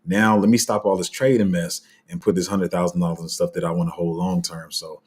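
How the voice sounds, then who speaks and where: A crypto channel host with a deep, husky, slightly mellow voice gives casual, unscripted commentary to his viewers at a brisk pace and a level tone. He rambles, loses his place, and restarts often, with heavy fillers. His phrasing is blunt and street-casual.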